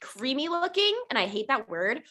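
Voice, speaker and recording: A woman's voice: sits high, sing-song, normal speed, bright, forceful tone. A young woman co-hosting a podcast in casual chat, talkative, cursing often and laughing a lot. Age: young adult. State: hiccups. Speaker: podcast co-host.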